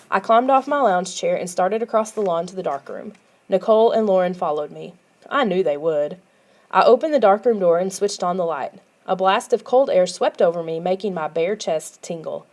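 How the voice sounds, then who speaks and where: Woman audiobook reader, quiet, even storybook narration. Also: fairly low pitch, moderate pace.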